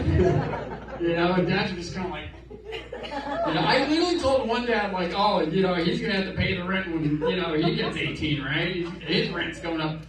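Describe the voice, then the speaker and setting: A man performing a profane, animated stand-up set on a comedy club stage, telling stories with quick asides while the audience laughs. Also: high-pitched. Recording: roomy club, distant mic, crowd laughter.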